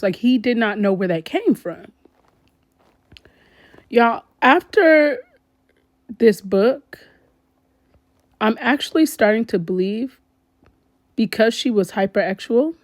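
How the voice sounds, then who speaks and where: Woman vlogger, casual commentary, animated, exclaiming, talks to viewers, dry close sound. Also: a little high, no room sound.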